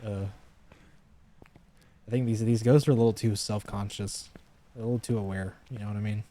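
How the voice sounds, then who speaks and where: Mellow low-voiced male game streamer. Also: steady tone, normal speed, pauses often, a little hiss or hum. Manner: chatty, talks to the ghost and grumbles about game updates. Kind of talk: casual live gameplay commentary.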